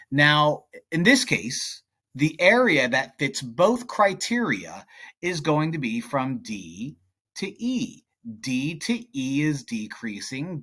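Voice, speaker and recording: Man, math teacher, playful tutorial, lively up-and-down pitch, chatty. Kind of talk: casual whiteboard tutorial.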